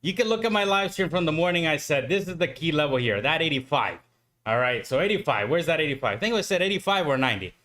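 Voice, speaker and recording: A man's voice: on the high side, lively intonation, quick pace, fairly bright tone. A man streaming live futures trading who talks to himself, swears and pleads with the market, exasperated at his own mistakes. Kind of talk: live trading commentary to viewers.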